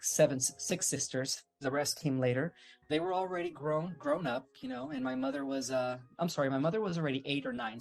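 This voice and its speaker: A man's voice: on the high side, gravelly. A man, a guest on an interview, telling a long family story in a loose, rambling way with many fillers and restarts. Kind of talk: casual storytelling.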